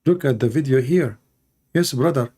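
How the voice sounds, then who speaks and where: Over a noisy background, a male channel host reacts to a video in a mid-range voice at a moderate pace. His live commentary is sarcastic and mocking, delivered in non-native English phrasing.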